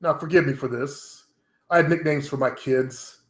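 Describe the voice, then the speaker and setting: Middle-aged male vlogger, profane and blunt, rambling monologue, slightly higher voice, echoey home room. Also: moderate pace. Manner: blunt and profane, talks to viewers directly. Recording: roomy echo.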